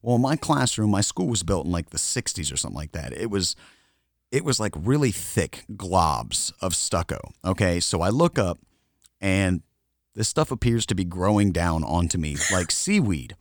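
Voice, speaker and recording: A man's voice: sits low, big pitch swings, moderate pace, no echo, clean studio sound. A man co-hosting a podcast, telling a story casually and laughing often as he goes. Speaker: podcast co-host.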